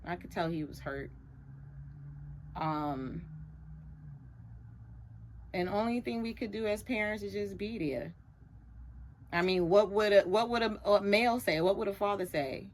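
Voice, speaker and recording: A middle-aged woman, a radio show guest, animatedly retelling a story and acting out other people's lines in a higher voice. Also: measured pace, long pauses, slight background noise. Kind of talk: storytelling in a casual chat.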